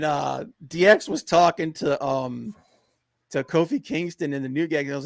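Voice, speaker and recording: Podcast co-host, gravelly male voice, rambling casual rants, full of ums and sudden excitement, dry close sound. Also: fairly high pitch, normal speed, dry recording. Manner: rambling, many fillers, gets excited and rants. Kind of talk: casual wrestling podcast chat.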